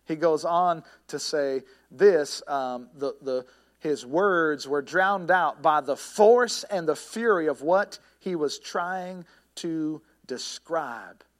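A man preaches a sermon in an earnest, searching way, pausing often, restarting phrases and filling gaps with small fillers. His voice sits a little high for a man. When he tells a story it sometimes climbs to a shout. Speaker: pastor.

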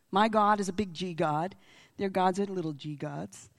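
A woman preaching a sermon as a missionary speaker, telling stories with animation and dropping into hushed whispers. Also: lowish voice, normal speed.

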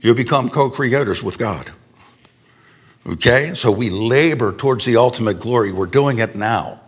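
A man's voice: mid-range voice, moderate pace, husky. A man preaching a sermon to a congregation in a church, in a conversational style with asides and tag questions. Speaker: pastor. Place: church sanctuary before an audience.

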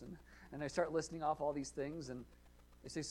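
A male pastor preaching a sermon, earnest, asking rhetorical questions, rising to emphatic points and dropping to quiet asides. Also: on the high side, fairly even intonation, moderate pace, long pauses, breathy edge, rough recording. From United States.

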